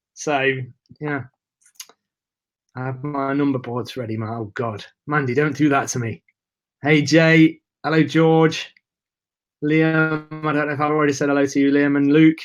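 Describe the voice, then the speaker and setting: A man's voice: on the high side, fairly even intonation, unhurried. A man hosting a live webinar, chatting casually and greeting viewers by name, a bit nervous. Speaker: webinar host.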